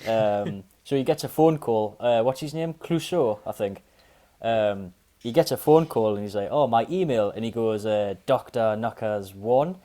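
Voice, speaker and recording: A man with a Geordie accent and a warm, mellow tone chats as a podcast guest. He tells his story in a relaxed, offhand way and laughs partway through his lines. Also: on the low side, moderate pace. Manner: laid-back storyteller who laughs mid-sentence. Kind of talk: casual podcast chat.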